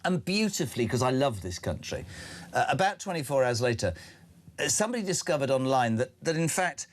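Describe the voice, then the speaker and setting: A man's voice: mid-range voice, a little fast. A man hosting a breakfast radio talk show, jokey and teasing. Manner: jokey, teasing, animated delivery. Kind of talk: lively talk radio chat.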